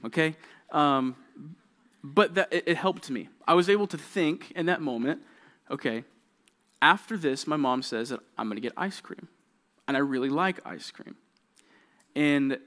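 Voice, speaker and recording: A young man preaching to junior high kids as youth pastor, telling a childhood story in a casual, conversational way and often checking in with his listeners. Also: a bit bright.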